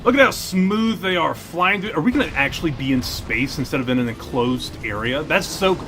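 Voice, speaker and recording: A young man hosting a gaming channel, giving excitable, rambling, jokey commentary as he plays. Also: on the high side, brisk, few pauses, noisy background. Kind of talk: casual gameplay commentary.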